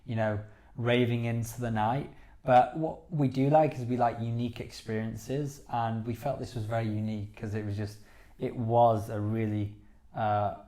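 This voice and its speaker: A man's voice: medium pitch, steady tone, moderate pace, mellow. A man co-hosting a podcast, chatting casually and enthusiastically with lots of "you know"s. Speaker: podcast co-host. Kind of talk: casual chat.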